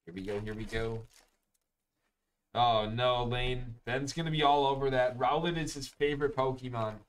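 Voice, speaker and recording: A man's voice: mid-range voice, fairly even intonation, moderate pace, clear, resonant tone. Young guy ripping packs on stream, chill chatty voice, names every card as he goes. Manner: casual, calls out each card as he opens packs. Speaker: card break host. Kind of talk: live-streamed pack opening chat.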